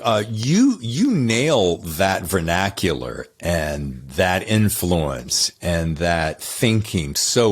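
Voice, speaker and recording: A man with a Southern American accent from North Carolina, hosting a podcast interview in a chatty, rambling, effusive way. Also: deep voice. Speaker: podcast host. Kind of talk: casual interview chat.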